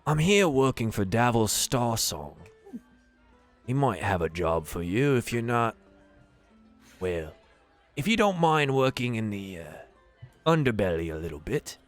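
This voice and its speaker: A man's voice: medium pitch, big pitch swings, a little slow, long pauses, faint music behind. A man voicing a boastful woman who arm-wrestles at a tavern bar, brash and confident.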